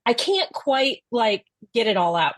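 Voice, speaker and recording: A woman's voice: a little high, very animated, measured pace, no echo. Sarcastic woman podcast co-host. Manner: blunt, sarcastic. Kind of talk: casual chat recapping a show.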